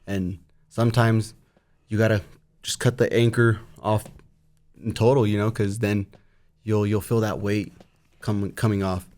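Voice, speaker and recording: A man's voice: unhurried, pauses often. A male boxer talking in a casual podcast interview, telling stories and acting out other people's lines. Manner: animated storyteller, acts out quotes in a high voice. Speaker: guest boxer.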